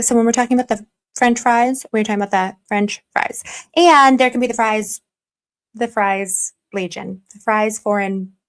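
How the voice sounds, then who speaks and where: A young woman hosting a casual live stream, chatting freely, reading comments and teasing her viewers with mock stern warnings. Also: a little high. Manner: chatty and self-deprecating, reads chat aloud, slips into mock stern warnings. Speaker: livestream commentary host.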